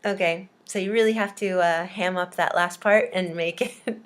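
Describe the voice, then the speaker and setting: A woman from Hawaii, a language teacher, telling a silly story for students in a chatty, animated way. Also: lowish voice, normal speed.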